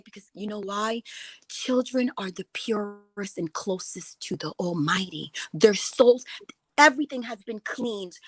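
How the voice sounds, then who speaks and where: A woman's voice: on the high side, no room sound. A woman giving an impassioned, emotional talk as a guest speaker, rambling and restarting her sentences as she goes.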